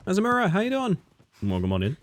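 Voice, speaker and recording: A man's voice: sits high, wildly swooping pitch, fast. A man streaming a video game live, chatting casually with his viewers, laughing often and swearing freely. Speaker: livestreamer. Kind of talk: casual live gaming commentary.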